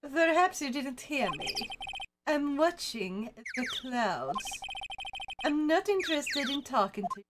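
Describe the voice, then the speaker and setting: A woman voicing a cold, dismissive female producer who speaks slowly. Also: sits high, sing-song, heavy background noise, full character voice. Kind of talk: game character voice on a stream.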